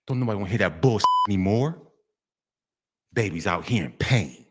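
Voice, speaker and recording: A man's voice: lowish voice, animated, brisk, heavy background noise. A middle-aged man, delivering a street monologue vlog, preachy and repetitive, often breaking into sing-song refrains. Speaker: vlogger.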